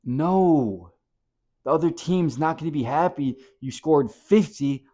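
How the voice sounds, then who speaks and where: A man giving a motivational talk to camera, blunt and impassioned, swinging from hushed to loud and swearing casually. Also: on the high side, takes it slowly. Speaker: motivational speaker.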